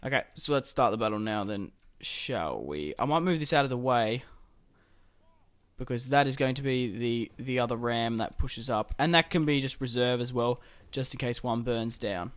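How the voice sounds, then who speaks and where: At normal speed and in a mid-range voice, a young gaming-channel host casually narrates his strategy-game let's-play. He keeps it chatty, laughing and swearing along the way.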